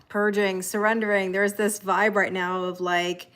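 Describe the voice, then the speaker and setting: A woman's voice: mid-range voice, little pitch movement, normal speed, a bit bright. A Canadian woman with a Canadian accent, hosting a tarot livestream in casual chat and greeting viewers by name as she reads their comments aloud.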